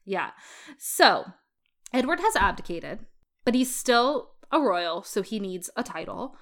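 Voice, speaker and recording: In a sing-song, mid-range voice and an unhurried pace, a woman co-hosting a podcast recounts history as a chatty story. Playful asides run through this casual history conversation.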